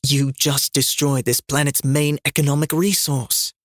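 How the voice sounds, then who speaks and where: A man's voice: on the high side, little pitch movement, measured pace, no echo, studio quality, lightly acted. A man reading the lines of an earnest male spiritual guide under strain in an audiobook, trying to sound reasonable.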